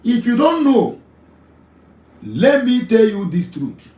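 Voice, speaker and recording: Nigerian guy running a call-in show, repeats himself a lot, pitch jumps all over, roomy echo. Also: very animated, slow, warm tone. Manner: emphatic, repeats phrases, laughs often. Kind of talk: live call-in talk show monologue.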